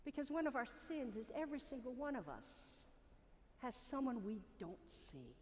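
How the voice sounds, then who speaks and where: A woman's voice: fairly high pitch, sing-song, normal speed, a little hiss or hum. A woman preacher delivering a sermon in a rhythmic, repetitive cadence. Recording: long reverb of a large hall.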